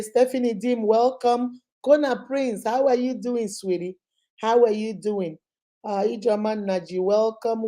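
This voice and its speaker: A Nigerian woman in her thirties hosting a casual live stream, chatting and greeting viewers by name, her voice going a little hoarse from a cold. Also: medium pitch, mellow.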